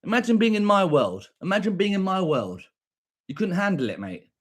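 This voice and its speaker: A man's voice: sits high, sing-song, a little fast. A young British man with a combative, profane manner, ranting back at viewers on a stream and repeating his points.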